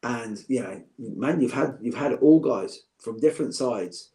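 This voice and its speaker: A man's voice: medium pitch, animated, a little slow, dark tone. A middle-aged man, chatting as a podcast guest, joking and heartfelt by turns. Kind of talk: casual chat.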